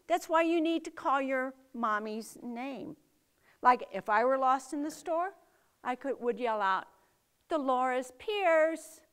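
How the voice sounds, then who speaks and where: A middle-aged woman explains safety rules to young children in a slow, emphatic manner, frequently asking them questions. Her voice sits high and sounds fairly bright.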